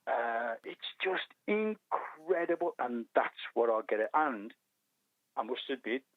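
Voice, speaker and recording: A man's voice: mid-range voice, animated, a little slow, no room sound. Older Black Country man, phone-in guest, keen storyteller; thin telephone sound. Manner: eager, rambling storytelling. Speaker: guest runner. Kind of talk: phone-in radio chat. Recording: tinny phone line.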